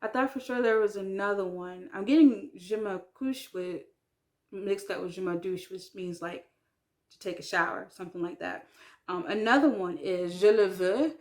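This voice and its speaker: Medium in pitch with a somewhat dark tone, this woman's voice carries a casual talk to camera about learning French. She's a native English speaker who chats freely, jokes at her own expense, uses lots of ums and likes, and pronounces French words slowly and carefully.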